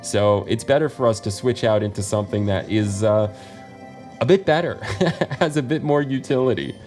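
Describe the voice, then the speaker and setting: A man's voice: mid-range voice, normal speed, darkish tone, faint music behind. An American man hosting a casual let's play, chatty and self-deprecating, laughing often between his asides. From United States. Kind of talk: casual video game commentary.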